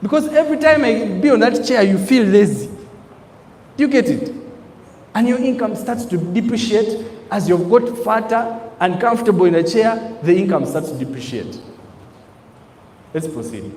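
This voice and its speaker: A man gives a motivational talk in the preaching style of a pulpit, throwing questions at his listeners. His voice sits high and swings widely in pitch. The sound bounces around a large hall with a long tail and a faint hum of ambience. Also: lively intonation, normal speed, long pauses, darkish tone. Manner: emphatic, preacher-like, asks the crowd questions. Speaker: network marketing trainer. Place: training hall with an audience.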